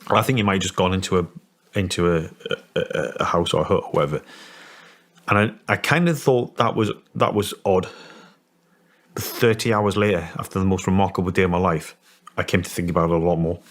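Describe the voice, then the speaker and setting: A Scottish man in his forties, telling a story in an interview in a halting way, with many restarts. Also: sits low. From Scotland. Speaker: interview guest.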